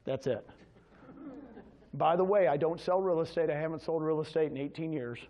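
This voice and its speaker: A man giving an energetic, motivational sales presentation at a real estate agents' meeting, quizzing his listeners with questions. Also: a little high, brisk, dull audio.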